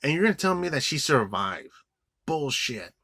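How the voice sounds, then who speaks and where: A man's voice: fairly high pitch, big pitch swings, normal speed, sharp tone, no echo. A man giving an angry, profane movie review rant, rambling with many restarts and fillers. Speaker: film reviewer.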